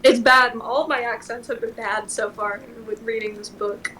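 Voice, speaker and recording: A woman's voice: fairly high pitch, steady tone, normal speed, bright, forceful tone, slight background noise, rough recording. Woman streamer reading a novel aloud. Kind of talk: casual reading aloud on a livestream.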